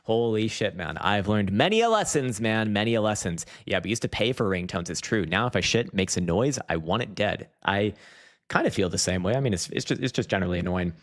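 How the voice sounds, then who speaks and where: Man, low-ish voice, casual livestream host, rambling, profane. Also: animated, brisk. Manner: rambling, profane, laughs often. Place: dim room at home.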